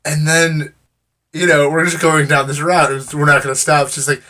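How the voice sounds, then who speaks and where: American guy telling a story, crisp bright tone, wry, lots of "i'm like" and ums. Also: on the high side, normal speed. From United States. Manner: rambling, full of "I'm like" and fillers; wry, amused. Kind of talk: casual storytelling to camera.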